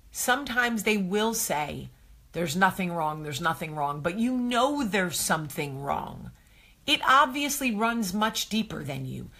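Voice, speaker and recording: A woman hosts a live advice stream, chatting casually and effusively as she responds to viewer comments and speaks right to them. Her mid-range voice has a fairly bright tone.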